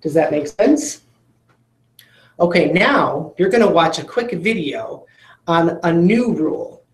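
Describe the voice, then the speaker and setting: A woman's voice: fairly low pitch, animated, slow pace, echoey room. A woman teacher giving a phonics lesson for children, patiently sounding out syllables and explaining spelling rules.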